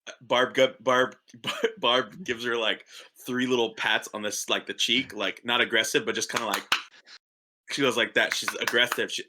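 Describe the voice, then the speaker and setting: A man chatting as a player in a tabletop game, excitable and often repeating himself. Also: medium pitch, moderate pace, slight background noise. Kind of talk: tabletop role-play chat.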